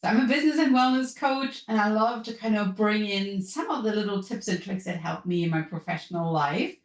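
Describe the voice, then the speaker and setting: A woman from Europe with a European accent, a business and wellness coach hosting her podcast in an upbeat, chatty way. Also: brisk. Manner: upbeat, chatty, lively pitch swings. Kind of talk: solo podcast talk. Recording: echoey room.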